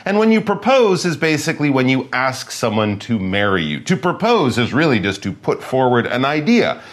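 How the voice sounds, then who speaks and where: A man co-hosting a radio English lesson, explaining words in a lively way and acting out example lines. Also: medium pitch, normal speed. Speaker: English teacher, co-host.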